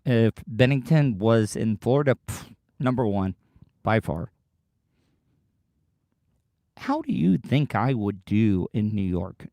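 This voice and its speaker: Male podcast host, strained tired voice, excitable rambling delivery, dry close sound. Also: fairly low pitch, dry recording. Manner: excitable, swears casually. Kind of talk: rambling livestream chat.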